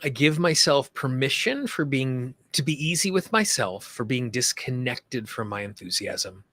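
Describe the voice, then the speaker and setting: A man leading a guided tapping session, speaking slow soothing affirmations with chatty asides between them. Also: mid-range voice, animated, sharp tone. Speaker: tapping coach.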